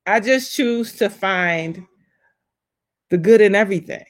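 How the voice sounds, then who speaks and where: A woman in her forties telling personal stories in a casual, heartfelt conversation, acting out what people said with big pitch jumps. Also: a little slow. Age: 40s. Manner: animated storyteller, acts out voices with big pitch jumps.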